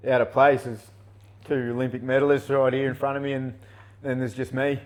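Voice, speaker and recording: An Australian man co-hosts a podcast with a relaxed, easygoing manner. His voice sits at an ordinary middle pitch. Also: fairly quick, low-quality recording. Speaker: podcast co-host. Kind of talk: casual podcast chat.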